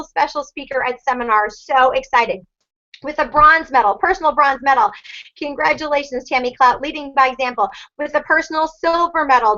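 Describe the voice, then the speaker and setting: Peppy high-voiced woman leading a team call. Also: dull audio. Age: 40s. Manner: energetic cheerleading, whoops and cheers. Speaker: sales team leader. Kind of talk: upbeat team call, announcing recognition.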